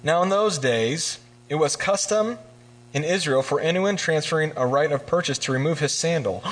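A man giving a casual, joking sermon, retelling scripture and acting out the characters in quick voices. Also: on the high side. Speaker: preacher.

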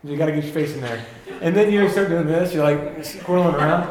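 A man's voice: a little high, fairly quick, roomy sound, a crowd in the background. A man in his thirties giving a casual, story-filled sermon as a pastor and acting out the quotes.

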